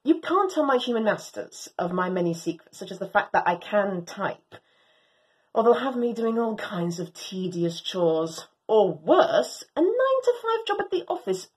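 A woman reading a story aloud and voicing a proud, excitable female Doberman dog. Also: mid-range voice, moderate pace, natural voice. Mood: indignant. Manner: animated, swooping, theatrical.

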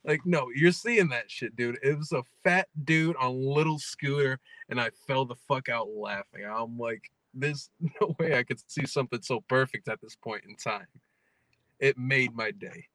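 Young man, podcast host, bright voice, dry close sound, casual laughing stories. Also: medium pitch, normal speed, no echo. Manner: laughing, profane storytelling. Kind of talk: casual chat.

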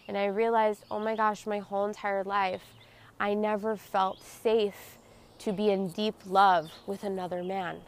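A woman hosting her own podcast, speaking in an earnest, confessional and emotionally open way, dropping soft and close at tender moments. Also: medium pitch, level tone, measured pace. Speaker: podcast host. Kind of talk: personal reflective monologue.

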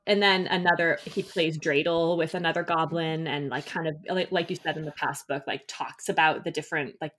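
A woman with a notably low voice talks casually about a book she loves. She is enthusiastic and rambling, and she keeps restarting her sentences around fillers. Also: fairly even intonation, a little fast, hardly any pauses, fairly bright tone. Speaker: podcast host reviewing a picture book. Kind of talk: casual chat.

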